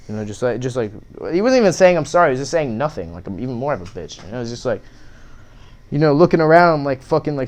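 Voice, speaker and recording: A man's voice: mid-range voice, big pitch swings, fast talker. A young man, a podcast guest, telling a story in a casual, profane way with many fillers.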